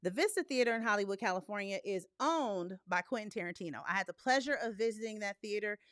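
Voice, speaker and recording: A young woman hosting a live movie talk stream in casual, blunt, profane chat, animated and laughing often. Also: mid-range voice, quick pace, no room sound, studio quality.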